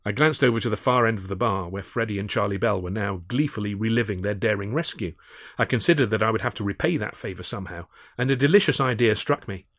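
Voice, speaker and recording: A man, the author, giving a measured first-person audiobook narration. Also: lowish voice, a bit bright, no room sound, studio quality.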